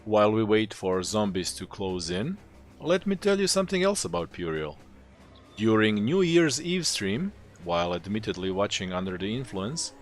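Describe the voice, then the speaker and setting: A man's voice: on the low side, fairly bright tone. A man narrating the story of a game session, adding dry, teasing asides about the player.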